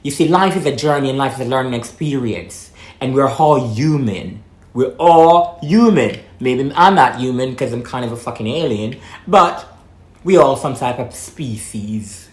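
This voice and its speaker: A woman's voice: a bass voice, lively intonation, normal speed. A young trans woman from Jamaica, vlogging in a blunt, outspoken casual monologue, swearing freely and talking while eating. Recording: echoey room.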